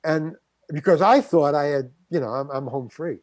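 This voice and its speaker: A man's voice: on the high side, moderate pace, dry recording. An older man, a guest actor, telling a story in an interview and acting out the quotes. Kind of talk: anecdotal storytelling.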